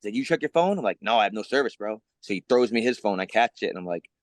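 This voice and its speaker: A man in his thirties, a fighter on a media call, talks quickly in a low voice. He repeats words as he gets fired up and swears often. The sound is dry and close. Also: dry recording. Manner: excited, profane, repeats words. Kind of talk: casual press call talk.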